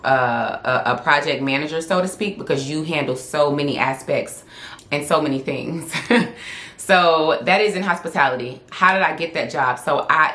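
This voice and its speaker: A woman's voice: sits low, bright, forceful tone. A young woman, chatting candidly and laughing often in a casual Q&A vlog. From Southern United States. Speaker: vlogger and influencer. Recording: echoey room.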